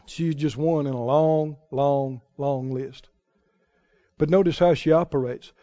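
Slow, high-pitched male preacher, dramatic booming-to-hushed delivery, dull dry recording. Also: steady tone, no room sound. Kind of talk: sermon.

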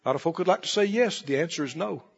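Lively, high-voiced preacher in a hall. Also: male voice, rapid-fire, creaky, slightly rough. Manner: animated, swinging between soft asides and loud exclamations. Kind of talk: sermon. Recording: reverberant hall, dull lo-fi sound.

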